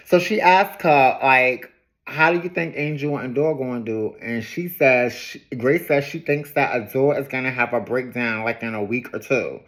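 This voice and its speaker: A woman's voice: very deep voice, rough recording. A woman giving a casual, chatty recap of a reality show, laughing easily and drifting off on tangents. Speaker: TV recap host.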